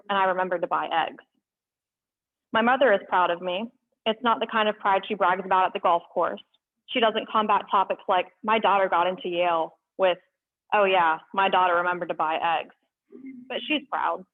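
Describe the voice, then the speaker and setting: Young woman at an open mic reading poems, middle pitch, tinny lo-fi sound. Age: young adult. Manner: earnest, halting asides between readings.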